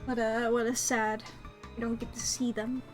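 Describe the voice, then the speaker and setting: A woman's voice: fairly high pitch, flat delivery, moderate pace, soft background music. A woman with an American accent chatting playfully to viewers during a live-streamed game. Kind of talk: casual live-stream chat while gaming. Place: home room by a window.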